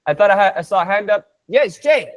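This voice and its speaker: A man teaching an online Spanish class, energetic and playful, drilling words by repeating them. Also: high voice, brisk.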